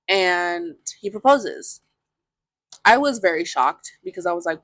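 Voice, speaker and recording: A woman's voice: on the low side, animated, unhurried, a bit bright, dry recording. A woman podcast host telling a personal story in a candid, casual way, full of fillers and the odd swear word.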